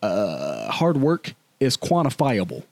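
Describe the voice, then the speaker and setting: A man's voice: fairly low pitch, huge pitch swings, takes it slowly, creaky, a little mellow, no echo. A man in his thirties, a podcast co-host, telling candid stories in casual chat full of slang. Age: 30s.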